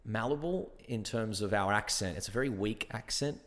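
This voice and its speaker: A man's voice: on the low side, moderate pace, long reverb tail. A man with an Australian accent, an actor chatting casually as a guest and acting out little exchanges as he tells stories. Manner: animated storyteller, acts out exchanges. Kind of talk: casual interview chat.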